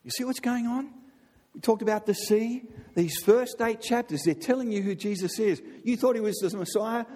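A man preaching a sermon in an animated way, often asking his listeners "right?". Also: sits high, moderate pace. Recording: long reverb of a large hall.

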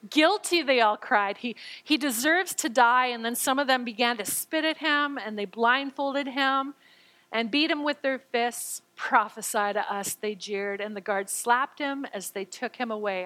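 Speaking a little slowly on a rough recording, this preacher alternates scripture readings with her own explanations. Her bright, forward voice sits fairly high; she dramatizes the quotations and stammers now and then when excited.

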